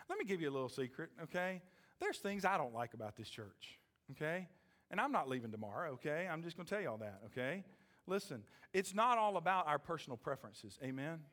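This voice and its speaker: A middle-aged man preaching a sermon as pastor, swinging from loud rising questions to hushed lines and checking in with "okay?" and "amen?". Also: on the high side, very animated, a little fast, long reverb tail. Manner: repeats "okay?" and "amen?" to the congregation.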